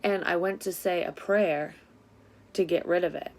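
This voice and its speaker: A woman, a psychic reader telling a story in a casual tarot vlog, candid and quick to swear. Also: fairly low pitch, steady tone, darkish tone.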